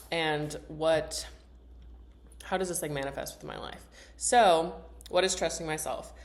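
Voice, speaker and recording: A woman's voice: deep voice, darkish tone. A young woman vlogging casually and reflectively, rambling with many fillers, sometimes eating while she talks and reading questions from her journal. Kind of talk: reflective personal vlog.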